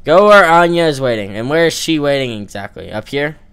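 A man's voice: fairly high pitch, expressive, a little fast, a bit bright, smooth. A man giving casual let's-play commentary, teasing and joking with the game's characters as he plays. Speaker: gamer playing an online role-playing game.

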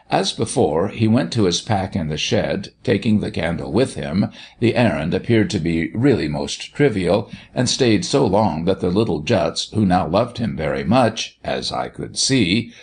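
A man reads a storybook aloud in a steady way. His voice is low and gravelly, and his pitch moves widely as he tells the story. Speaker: narrator. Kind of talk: audiobook narration.

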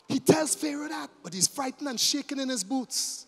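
High-voiced preacher in a reverberant church. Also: male voice, animated, moderate pace, hardly any pauses. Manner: dramatic storytelling, swinging from hushed to shouting. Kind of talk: sermon.

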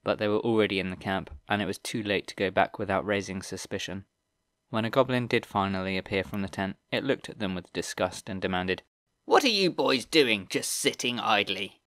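A man narrating a middle-grade fantasy audiobook in a steady, even storytelling manner. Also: sits low, a little fast, no room sound, studio quality. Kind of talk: scripted narration.

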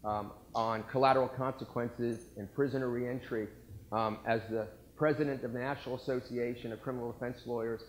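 Man, plain middle-pitched voice, earnest award presentation. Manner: earnest, praising, with some fillers. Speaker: association president presenting an award. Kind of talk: formal award presentation speech.

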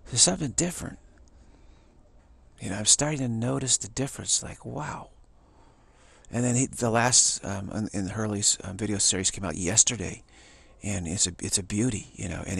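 Gravelly, husky man rambling excitedly. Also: fairly low pitch. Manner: rambling, full of restarts and repeated words; excited, animated. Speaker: talk host. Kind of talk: casual monologue.

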